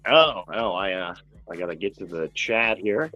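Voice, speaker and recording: A man's voice: low voice, animated, moderate pace, bright, forceful tone, no echo, soft background music. A man joins a live stream chat as a guest and tells an easygoing story. His audio sounds dull and lo-fi. It is dry, with no room around it.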